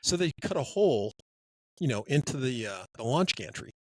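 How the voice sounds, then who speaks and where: A man spinning a long anecdote on a hobby podcast, rambling on and acting out the lines of the people in it. His voice is mid-pitched and recorded close and dry. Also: moderate pace, no room sound, poor audio. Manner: rambling, animated, acts out quotes. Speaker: podcast co-host. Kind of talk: casual storytelling.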